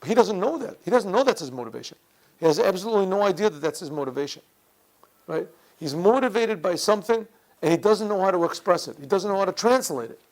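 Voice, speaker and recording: A rabbi gives a Torah class in a yeshiva classroom, a man's gravelly voice sitting fairly high. He circles back on his own phrases and keeps clearing his throat as he explains. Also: animated, quick pace, poor audio.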